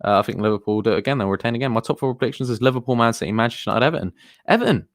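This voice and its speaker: A man hosting a casual football live stream, rambling from one thought to the next as he answers viewers. His voice sits at an ordinary middle pitch and sounds dry and close, with no room echo. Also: steady tone, racing. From England. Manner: rambling, chatty, reads out viewer comments.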